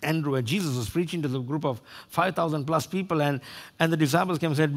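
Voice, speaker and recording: A male pastor delivers a sermon in an emphatic preaching manner, his voice sitting a little higher than most men's. He slips into quoted voices as he drives his points home. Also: fairly quick.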